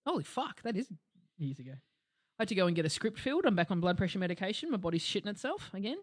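A woman's voice: mid-range voice, big pitch swings, very fast, no room sound. Australian woman, middle-aged, sweary storyteller, dry close sound. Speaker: podcast co-host. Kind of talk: casual chat.

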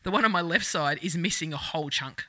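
An Australian woman in her thirties, cohosting a loose, foul-mouthed chat. She laughs through her stories and puts on the voices of the people in them. Her voice is very bright, and the sound is dry and close. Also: lowish voice, fast talker, dry recording. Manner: crude, laughing, animated storyteller who acts out quotes. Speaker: podcast co-host. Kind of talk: casual chat.

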